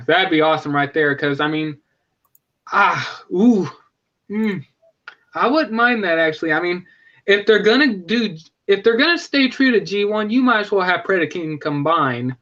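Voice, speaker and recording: A man hosting a casual live stream, talking with rambling enthusiasm and frequent self-corrections. His voice sits high and bright. The sound is a little dull and lo-fi. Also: lively intonation, a little slow. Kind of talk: casual fan chat.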